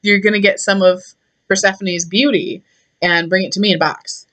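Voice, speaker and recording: A woman's voice: mid-range voice, fairly even intonation, normal speed, fairly bright tone, lightly acted. A vain, bossy goddess , played by a woman, who gives orders and bristles when things go against her. The talk is demanding and indignant, casual rather than grand.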